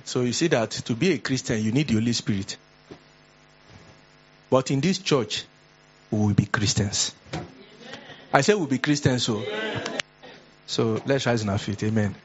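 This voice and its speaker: A male pastor with a Nigerian English accent, preaching an earnest, exhorting sermon with animated storytelling. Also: medium pitch, moderate pace, pauses often, slightly rough, dull audio.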